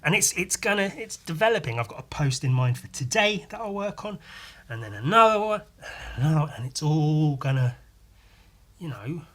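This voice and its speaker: A man's voice: on the high side, sing-song, normal speed, a bit bright, slight background noise. A man hosting a podcast, ranting casually and profanely with lots of restarts and self-deprecating jokes. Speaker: podcast host. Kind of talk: casual monologue.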